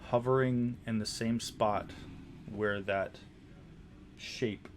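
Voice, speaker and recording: A man's voice: on the low side, fairly even intonation, a little hiss or hum. Man narrating as dungeon master. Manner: descriptive, halting narration with restarts. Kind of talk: narrating a tabletop game.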